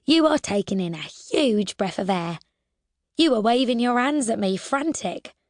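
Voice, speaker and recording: A woman narrating a first-person adventure audiobook in a lively, expressive way, now and then dropping to a whisper. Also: a little high, measured pace, no echo, studio quality.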